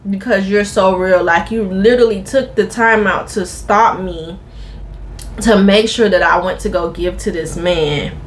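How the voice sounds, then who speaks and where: A woman's voice: mid-range voice, a little slow, slight background noise. A woman vlogger telling a personal story to her viewers in a casual, earnest, emphatic way.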